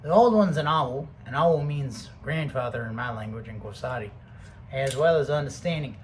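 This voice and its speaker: A man rambling through a casual, heavily profane motivational monologue that swings between loud bursts and low mutters. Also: lively intonation, normal speed, slight background noise, low-quality recording. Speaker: vlogger.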